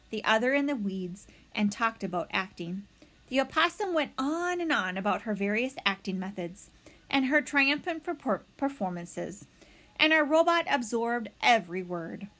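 A woman reading a children's novel aloud as narrator, with expressive storytelling. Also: a little high, normal speed.

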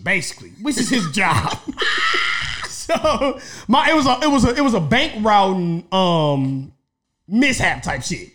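A man telling a story in casual chat, animated and laughing often as he acts out the people in it. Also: high-pitched, a little slow.

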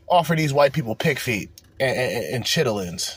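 A man rants on a solo podcast in a husky voice, his pitch swinging high and low as he curses and mocks. The sound is close and dry, with no room around it. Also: normal speed, few pauses, no room sound. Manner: profane, animated ranting with mocking put-on voices. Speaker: podcast host.

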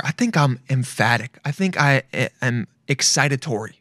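A man hosting a solo podcast in casual chat, loud and excitable, rambling and swearing freely. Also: mid-range voice, brisk, few pauses, no echo, clean studio sound. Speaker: podcast host.

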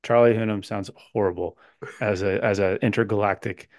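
A man with a fairly low voice hosts a podcast, joking and rambling through casual banter. His sound is dry and close to the mic, with no room around it. He playfully quizzes his co-host as he talks. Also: steady tone, moderate pace, a little mellow, dry recording. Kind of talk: casual chat.

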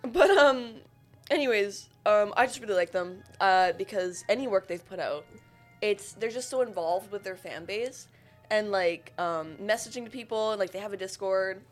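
A woman talks her way around a point on a casual podcast, stalling with fillers and starting sentences over. Her voice sits at an ordinary middle pitch. A faint hint of music runs underneath. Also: moderate pace. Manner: rambling, full of fillers and restarts. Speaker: podcast co-host.

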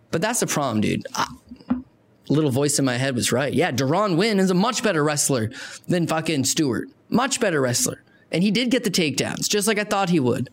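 A man who has fought professionally, talking fights and betting picks in casual podcast banter, profane and rambling with animated storytelling. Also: fairly high pitch. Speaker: MMA analyst and fighter.

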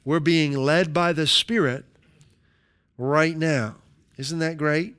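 A man preaching a sermon as pastor, leading his congregation through slow, emphatic call-and-response lines. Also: on the high side, steady tone, a bit bright, smooth.

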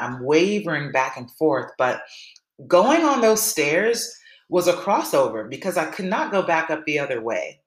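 A woman podcast host telling a personal story in a monologue, acting out her own past thoughts in a lively, rising voice. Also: sits low, moderate pace. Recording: roomy echo.

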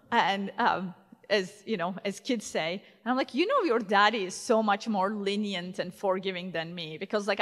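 A woman's voice: mid-range voice, a bit bright. Chatty woman speaking in a reverberant hall. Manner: conversational, lots of fillers and restarts. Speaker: conference speaker. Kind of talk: conference talk. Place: large conference hall.

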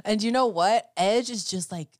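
Lively woman retelling stories, dry sound. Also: medium pitch, moderate pace, dry recording. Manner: animated storyteller who acts out family members. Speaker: podcast co-host. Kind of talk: casual chat.

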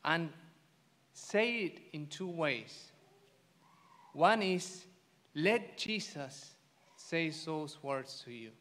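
A priest preaching a homily in English, earnest and emphatic, repeating phrases with gentle asides. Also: male voice, fairly high pitch, expressive, drawn-out words, long pauses. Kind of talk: sermon. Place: church. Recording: long church reverb.

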